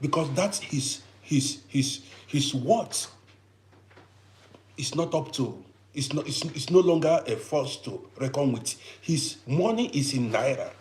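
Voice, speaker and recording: A man's voice: a little high, animated, measured pace, a little mellow. A man in his fifties giving advice in an emphatic, lecturing monologue full of rhetorical questions. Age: 50s.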